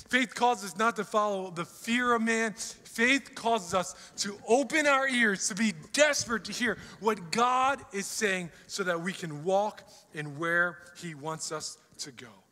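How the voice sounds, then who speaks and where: Pastor, male, bright high voice, emphatic sermon with rhetorical questions, long hall reverb. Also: slow. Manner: emphatic, rhetorical questions, acts out prayers and quotes. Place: church sanctuary.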